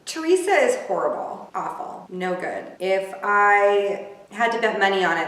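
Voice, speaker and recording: Snarky woman recapping in an echoey room. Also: on the low side. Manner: snarky, gossipy, chatty. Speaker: reality TV recapper. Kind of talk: casual live recap commentary. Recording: echoey room, distant from mic.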